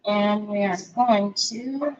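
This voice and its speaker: A woman's voice: medium pitch, slow, muffled recording. A woman hosting a live crafting demonstration, chatting and thinking aloud as she works and greeting viewers by name. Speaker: craft livestream host.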